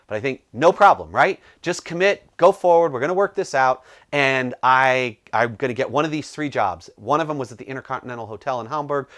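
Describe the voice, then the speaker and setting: A middle-aged man from the United States, a business coach telling a personal story to camera and acting out the dialogue in lively bursts. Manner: animated, acts out dialogue with rising pitch.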